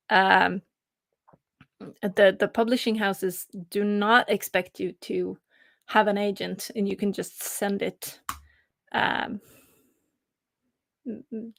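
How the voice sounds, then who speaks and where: A woman's voice: mid-range voice, creaky, no echo, studio quality. A young woman from Norway chatting casually on a live stream, reading chat messages aloud and laughing often between hesitant fillers.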